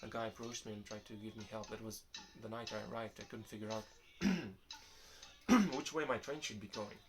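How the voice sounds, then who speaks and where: A man's voice: lowish voice, moderate pace, crowd noise. A young man casually answering viewer questions in a vlog, rambling and restarting his sentences. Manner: rambling, restarts often, relaxed and candid.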